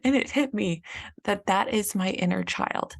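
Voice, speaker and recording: A woman's voice: medium pitch, unhurried, vocal fry. A young woman hosting a casual solo podcast, talking in a chatty way with lots of fillers and acted-out quotes. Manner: chatty, many fillers, acts out frustrated quotes. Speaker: podcast host and business coach.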